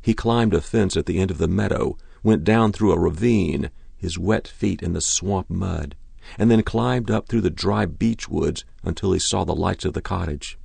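A man narrating a short story in a measured, deliberate reading. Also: low voice, creaky, a little mellow, slightly rough, no room sound.

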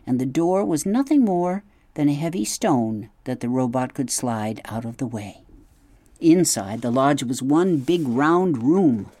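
A narrator reading a children's story aloud in a gentle, steady storytelling manner. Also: mid-range voice, dry recording. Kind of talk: audiobook narration.

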